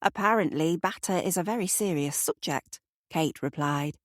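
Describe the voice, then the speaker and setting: A woman's voice: fairly low pitch, normal speed, no echo, studio quality, close to an everyday voice. Woman reading a woman hosting a family dinner.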